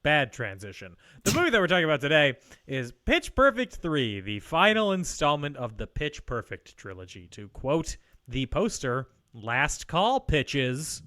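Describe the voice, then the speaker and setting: A man's voice: a little high, huge pitch swings, normal speed, bright, forceful tone, no room sound, studio quality. American man in put-on Australian accent. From United States. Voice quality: exaggerated jokey delivery. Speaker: podcast host. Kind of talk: casual chat.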